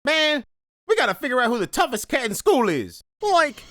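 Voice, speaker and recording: A woman voicing a shrill crude cartoon cat. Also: normal speed, no room sound, studio quality, exaggerated voice. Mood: worked up. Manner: loud, crude, excitable.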